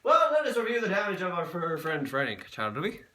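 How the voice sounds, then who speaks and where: A man's voice: high-pitched, wildly swooping pitch, moderate pace, heavy background noise. A man vlogging in a casual, crude and joking way, cursing often. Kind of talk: casual vlog commentary.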